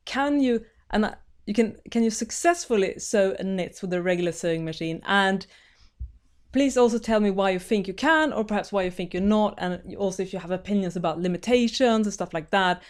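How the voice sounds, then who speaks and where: A woman's voice: mid-range voice, brisk. A woman with a Swedish accent hosting a sewing live stream, chatting and greeting viewers by name. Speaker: sewing channel host. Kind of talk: casual live-stream chat. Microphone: webcam live stream.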